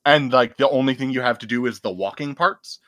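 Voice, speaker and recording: A man's voice: mid-range voice, brisk, a bit bright, dry recording, studio quality. A man chatting casually and enthusiastically, often laughing. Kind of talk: casual chat.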